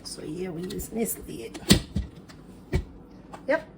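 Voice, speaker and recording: A woman's voice: on the low side, animated, takes it slowly, vocal fry, very noisy. A woman chatting folksily to viewers while she prepares food in her home kitchen. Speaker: home cooking vlogger. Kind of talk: casual cooking chat to camera.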